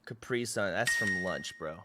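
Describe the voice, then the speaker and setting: A man's voice: deep voice, normal speed, very noisy. A young man livestreaming from home, chatting casually and swearing freely, laughing at himself as he reads things aloud. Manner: loose, profane, laughs at himself. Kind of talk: casual stream chat. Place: home streaming room, indoors.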